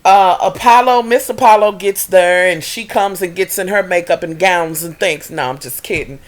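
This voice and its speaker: A woman's voice: lowish voice, normal speed. Sassy, foul-mouthed woman dishing gossip. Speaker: TV recap vlogger. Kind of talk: casual reality TV recap.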